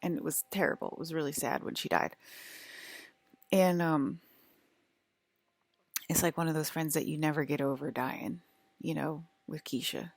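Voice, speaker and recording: A woman with a low, gravelly voice talks straight to her viewers in a loose, wandering way, stringing thoughts together with constant "like"s. The sound is dry and close, with no room around it. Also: steady tone, moderate pace, pauses often, dry recording. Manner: rambling, full of "like" fillers. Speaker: vlogger. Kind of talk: casual monologue to viewers.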